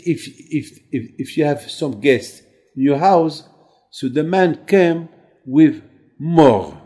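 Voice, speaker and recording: Slow, mellow-voiced man giving a sermon. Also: a little high. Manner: halting, repeats words, then rises animated with emphasis. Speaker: rabbi.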